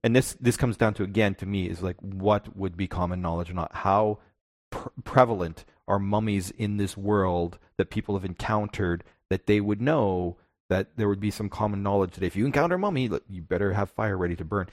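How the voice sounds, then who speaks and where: A man's voice: fairly low pitch, brisk, no echo, clean studio sound. A male podcast co-host chatting casually and reflectively about tabletop games, often restarting his sentences.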